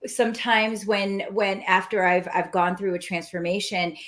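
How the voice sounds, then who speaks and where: A woman's voice: mid-range voice, steady tone, moderate pace, fairly bright tone. Hesitant, thoughtful woman. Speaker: medium. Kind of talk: podcast panel conversation.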